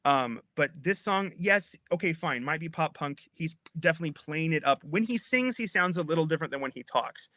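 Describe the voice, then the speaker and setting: A man in his thirties, a linguist guest, explaining in an animated, chatty way with frequent restarts. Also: a little high, fairly quick, hardly any pauses, no room sound. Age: 30s. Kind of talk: casual explanatory chat.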